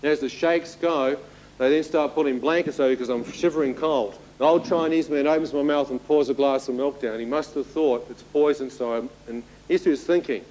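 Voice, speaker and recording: A man's voice: medium pitch, fairly even intonation, fairly quick, a little mellow, rough recording. A man in his thirties giving a spoken testimony to an audience, telling his story vividly and turning to the listeners with asides. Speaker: testimony speaker.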